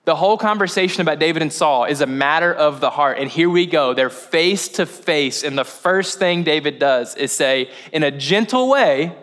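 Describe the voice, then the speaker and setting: A man's voice: fairly high pitch, lively intonation, normal speed, hardly any pauses, fairly bright tone. A male pastor giving a casual, chatty sermon at a church service, quizzing the congregation as he goes. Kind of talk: conversational sermon.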